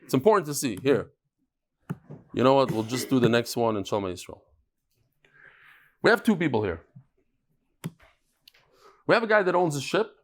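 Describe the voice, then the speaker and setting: A man giving a daily Talmud lecture, walking through cases with rhetorical questions and everyday examples. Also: a little high. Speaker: Talmud teacher.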